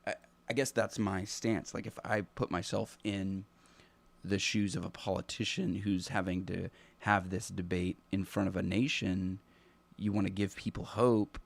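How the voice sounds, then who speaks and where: A man with a low, gravelly voice hosts a live stream. He thinks aloud in an earnest, reflective way, stopping and restarting often. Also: flat delivery. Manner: halting, thinking aloud with many restarts and fillers. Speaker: teacher. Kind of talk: unscripted live stream commentary.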